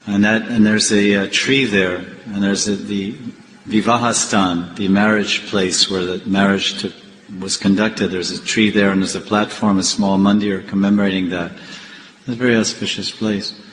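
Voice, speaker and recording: A swami giving a devotional class, telling temple stories and acting out the characters' voices. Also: male voice, on the low side, normal speed. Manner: animated storyteller acting out the characters' lines. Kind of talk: devotional storytelling lecture. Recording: echoey hall with faint noise.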